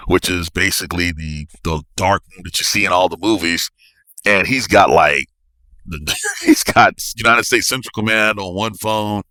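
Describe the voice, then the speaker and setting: A man, a navy officer, telling a story as a podcast guest in an animated, excitable way with bursts of laughter. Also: sits low, no room sound. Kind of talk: casual storytelling.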